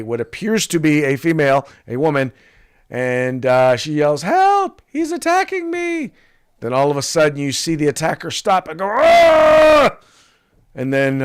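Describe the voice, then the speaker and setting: A man's voice: medium pitch, smooth. A man hosting a political talk podcast, chatting casually with many restarts and fillers and reading sponsor spots. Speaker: podcast host.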